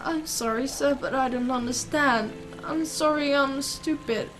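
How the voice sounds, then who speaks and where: A young girl student, frightened and full of self-doubt, pleading in a raised voice, played by a woman. Her voice sits fairly high, with game music clearly behind. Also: unhurried, a bit bright. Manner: pleading, upset.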